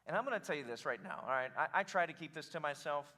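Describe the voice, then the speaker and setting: A male pastor preaching a sermon in a lively, joking way, calling on the congregation to answer. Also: fairly high pitch, fast. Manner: animated, joking, calls for congregation response.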